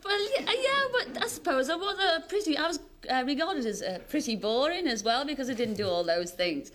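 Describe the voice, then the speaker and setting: A woman's voice: sits high, very animated, brisk, fairly bright tone, a little hiss or hum. A woman in her thirties with a Scouse accent, a chatty chat show guest who laughs often and pokes fun at herself. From Liverpool, England. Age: 30s. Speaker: celebrity guest.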